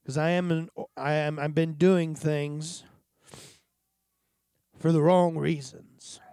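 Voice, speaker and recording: A man preaching a sermon in an earnest, confessional way, pausing and sighing between thoughts. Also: fairly high pitch, little pitch movement, warm tone, smooth, no room sound, clean studio sound.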